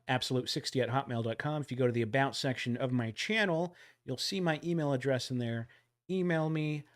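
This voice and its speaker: Joking man hosting a livestream trivia game. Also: mid-range voice. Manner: jokey, animated, loud countdowns. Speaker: livestream host running a trivia giveaway. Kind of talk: casual livestream chat.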